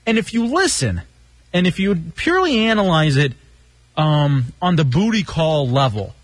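A man's voice: fairly high pitch, sing-song, moderate pace, dry recording. Male radio host, casual and joking, reads lines aloud; dry close mic.

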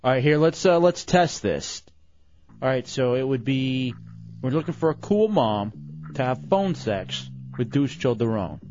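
A man's voice: medium pitch, lively intonation, a little slow, lo-fi sound. Crude joking male radio host. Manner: crude, joking, loud when announcing. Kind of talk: casual radio banter.

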